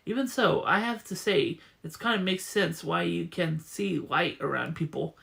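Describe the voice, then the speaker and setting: A man's voice: on the high side, normal speed, gravelly, fairly bright tone. A man reading the lines of a chatty, teasing teenage girl friend in a comic. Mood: curious.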